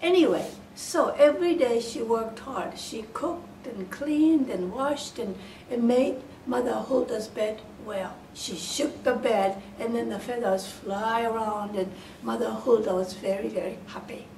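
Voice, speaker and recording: A woman's voice: on the high side, unhurried, darkish tone. A woman retelling a fairy tale for English learners in simple words, hesitant with many fillers and restarts. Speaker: storyteller. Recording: roomy, distant mic, faint hiss.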